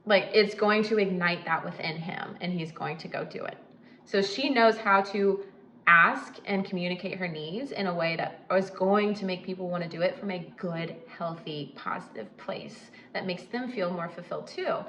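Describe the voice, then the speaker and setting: A woman's voice: on the low side, normal speed, fairly bright tone, reverberant, a little hiss or hum, low-quality recording. A woman talking casually and emphatically to the camera as host, with frequent asides and light laughs. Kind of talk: casual advice talk.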